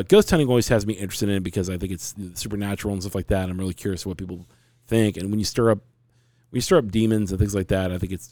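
This is a man in his forties earnestly wandering through a long story from his own life, casual-podcast style. The voice is a touch low, warm and mellow, recorded up close and dry without any echo.

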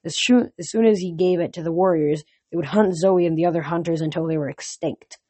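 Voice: mid-range voice, a little fast, mellow, husky, no room sound. A reader narrating a novel chapter aloud, then chatting casually with fillers afterwards.

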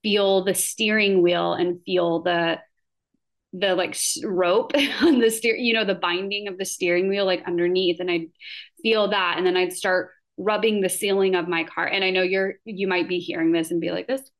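30s woman vlogging about her own life, kinda low voice, super chatty, says like a lot. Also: fairly even intonation, normal speed. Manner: casual, chatty with frequent "like" fillers. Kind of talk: personal storytelling vlog.

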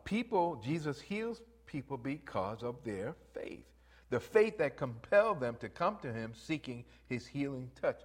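Animated preaching man, lively pitch. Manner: animated preaching, acts out voices, rises to loud exhortation. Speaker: pastor. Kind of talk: sermon.

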